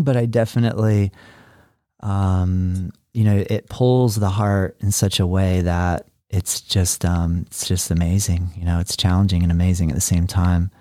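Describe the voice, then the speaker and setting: Low, mellow middle-aged male host. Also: flat delivery, a little slow, no echo, clean studio sound. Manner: rambling, earnest, many fillers and restarts, shifting pace. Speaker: podcast host. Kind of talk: casual interview chat.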